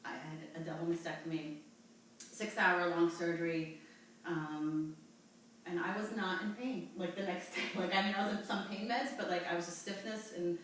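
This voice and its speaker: A woman from New Jersey in her forties, telling a personal story in an interview with halting, rambling speech and many fillers. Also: lowish voice, steady tone, fairly bright tone, recorded from a distance, slight background noise. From New Jersey, USA. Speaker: interview guest. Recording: echoey room, voice from off-mic.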